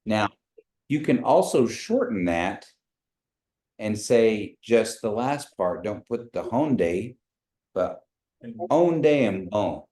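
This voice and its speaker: A man teaching a beginners' language class from an office over a video call, patient and slow when repeating phrases. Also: fairly low pitch, sing-song, a little mellow.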